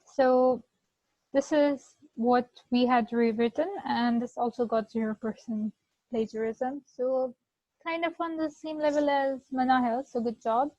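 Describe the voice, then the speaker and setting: A woman's voice: high-pitched, steady tone, a little slow, dark tone, no room sound. Woman co-teaching, dull dry call audio. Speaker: workshop co-instructor. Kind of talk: online workshop teaching. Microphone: video call.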